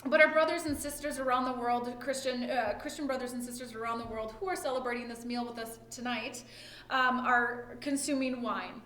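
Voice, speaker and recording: A woman's voice: a little high, steady tone, brisk, a bit bright. A woman pastor giving a conversational sermon, often checking in with "right?" and thinking aloud as she retells the story. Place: church or home during lockdown worship. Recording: echoey room with faint ambience.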